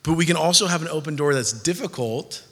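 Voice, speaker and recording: A man's voice: fairly high pitch, fast talker, fairly bright tone, breathy edge. A man preaching a sermon in a casual, conversational way, acting out listeners' voices. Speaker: pastor. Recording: hall reverb.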